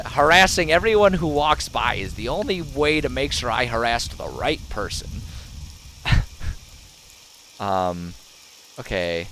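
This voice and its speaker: Sarcastic guy streaming a game from home, super animated, laughs a lot, voice jumps all over. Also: mid-range voice, slow pace, long pauses, a little hiss or hum. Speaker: gaming streamer. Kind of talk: casual let's-play commentary.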